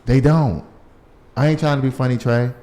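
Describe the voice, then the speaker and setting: A man's voice: medium pitch, normal speed. A man hosting a casual news show, reading stories and riffing on them with lots of laughter. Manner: animated, laughing, riffs on stories.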